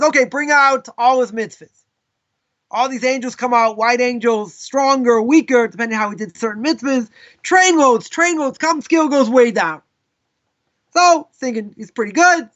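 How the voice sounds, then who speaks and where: Male rabbi, live lesson; high-pitched, casual storyteller with asides, dull lo-fi recording. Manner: casual, animated, with frequent asides. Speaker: rabbi teaching a class.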